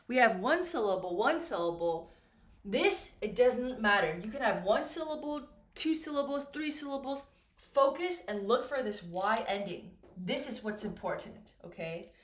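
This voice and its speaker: Woman teacher at a whiteboard, slightly high voice, echoey room, says everything twice. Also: fairly bright tone. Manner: slow, patient, repeats key words. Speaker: English teacher. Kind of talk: classroom whiteboard lesson.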